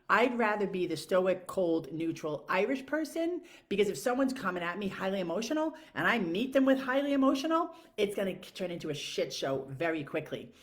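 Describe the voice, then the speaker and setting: A woman talking casually to camera in a frank, profane, rambling way, full of fillers. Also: mid-range voice. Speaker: vlogger.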